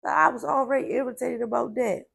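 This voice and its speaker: A woman's voice: on the high side, steady tone, quick pace, gravelly, a bit bright, husky, no echo. A woman casually telling a personal story from her childhood in a chatty way, full of "like" and "baby", venting her frustration. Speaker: storyteller sharing a personal testimony.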